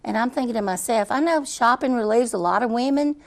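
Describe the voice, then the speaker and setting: Middle-aged woman, gravelly voice, earnest repetitive storyteller, interview guest. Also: a little high, brisk. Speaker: guest telling her story.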